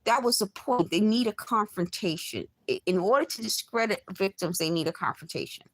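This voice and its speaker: A hoarse woman talking to her camera from her bedroom after just waking up, rambling and agitated with many restarts. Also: medium pitch, brisk, a bit bright, no room sound, rough recording. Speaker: vlogger. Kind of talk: rambling late-night vlog monologue. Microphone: recording herself on camera.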